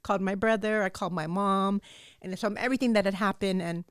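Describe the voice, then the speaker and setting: This woman in her thirties, a podcast host, talks fast in a steady, mid-range voice that's clear and resonant. Intense as she shares a personal story, she repeats "like" constantly and swears freely, and the clean studio sound carries no echo.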